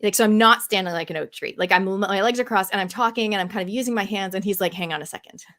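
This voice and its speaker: A woman hosts a casual video call chat in a mid-pitched voice. She is chatty and tells stories, dropping in little quoted asides. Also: fast, a bit bright. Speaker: host. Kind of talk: casual chat on a live stream.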